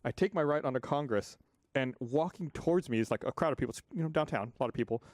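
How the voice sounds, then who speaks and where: Fast-talking animated man. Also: medium pitch, dry recording, clean studio sound. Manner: animated, swears freely, laughs while telling. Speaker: podcast regular. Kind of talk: casual storytelling. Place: podcast studio.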